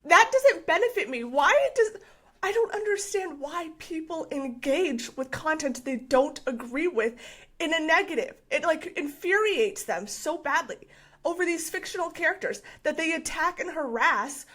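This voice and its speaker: A woman co-hosting a podcast, chatting casually, ranting in an animated way and laughing often. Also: high voice, moderate pace. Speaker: podcast co-host. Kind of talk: casual chat.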